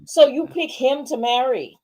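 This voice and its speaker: A woman's voice: high voice, unhurried, a little mellow. A woman co-hosting a casual movie review chat online, emphatic and opinionated, acting out her own reactions. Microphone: streamed online call.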